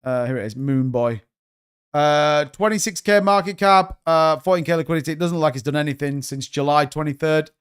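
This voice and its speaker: A man's voice: fairly high pitch, a little fast, smooth. A man hosting a casual crypto live stream, rambling and thinking aloud with exasperation while he browses charts. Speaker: crypto livestream host.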